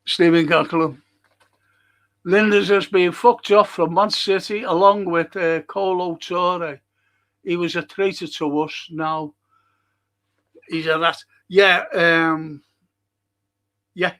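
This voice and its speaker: A man's voice: high voice, fairly even intonation, slow pace, pauses often, fairly bright tone. A man hosting a casual live-stream fan podcast, talking bluntly, swearing freely and reading out viewer comments. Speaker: podcast host.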